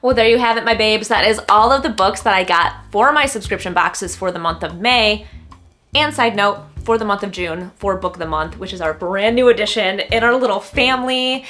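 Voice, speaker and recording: A woman's voice: medium pitch, pushed and bright. A young adult woman booktuber in casual unboxing chat, gushing and chatty with lots of "like"s.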